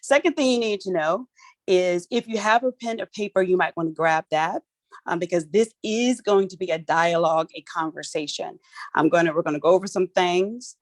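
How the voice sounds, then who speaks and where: A middle-aged woman from Philly with the to match, running an online workshop like a lively get-together. Her voice sits fairly low, and she keeps it playful and chatty with loose, colloquial phrasing. The sound is dry and close, coming through her phone on a video call. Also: moderate pace, no room sound. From Philadelphia, USA. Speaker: workshop host. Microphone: phone for audio on a video call.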